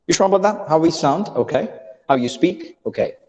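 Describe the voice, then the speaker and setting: A man leading a live online class, energetic and repeating phrases as he urges learners to answer quickly in the chat. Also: a little high, long reverb tail, low-quality recording. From India. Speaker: online English trainer.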